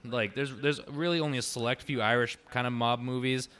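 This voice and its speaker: A young man co-hosting a podcast in casual chat, animated and swearing freely, acting out movie lines as he talks. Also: mid-range voice, fairly quick, clear, resonant tone. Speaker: podcast co-host.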